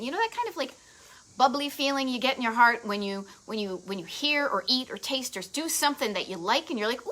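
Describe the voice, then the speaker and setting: A middle-aged woman from Massachusetts with a Boston accent, hosting a live travel show in a bubbly, chatty way with quick asides to viewers. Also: high voice, big pitch swings, pushed and bright, rough recording. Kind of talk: casual live-stream chat.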